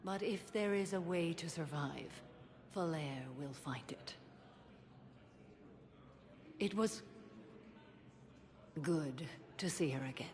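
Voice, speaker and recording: Samara, a stern warrior ascetic. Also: female voice, low voice, slow, pauses often. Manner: calm, formal and restrained. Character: stern ascetic alien warrior woman, solemn.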